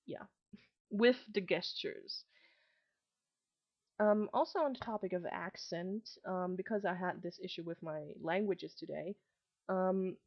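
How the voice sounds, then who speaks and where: A woman's voice: on the low side, steady tone, slow, highs cut off. A woman in her late teens who grew up between Germany and Malaysia, with a slight mixed German and Malaysian English accent, talking casually in a webcam vlog with lots of ums and restarts. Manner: rambling, many ums and restarts. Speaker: vlogger.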